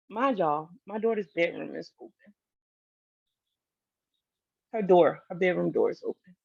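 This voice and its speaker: A woman's voice: lowish voice, a little slow, creaky, pauses often, a little mellow, highs cut off. A woman telling a personal story to her viewers in a candid, casual way, swearing freely and speaking straight to the audience. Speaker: vlogger.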